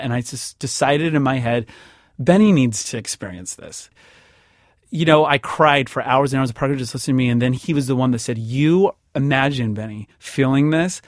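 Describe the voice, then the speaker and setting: A man tells a personal story on a dry, close recording, with no room sound at all. He trips over his words and repeats himself as he acts out the voices of the people in it. His pitch sits in the middle of the male range. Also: no room sound. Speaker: interviewee telling a personal story. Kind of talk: emotional first-person storytelling.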